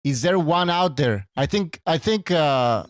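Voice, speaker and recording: A man's voice: on the high side, lively intonation, a little slow, no echo, clean studio sound. A man hosting a podcast, reading listener messages aloud in an easygoing way. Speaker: podcast host. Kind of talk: casual chat, reading chat messages.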